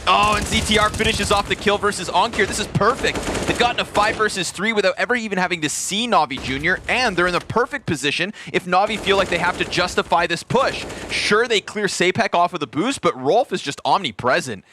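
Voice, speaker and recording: A man casting an esports match play-by-play, excitable and jumping to shouts on big plays. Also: high-pitched, brisk, hardly any pauses. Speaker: play-by-play caster. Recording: noisy game audio behind.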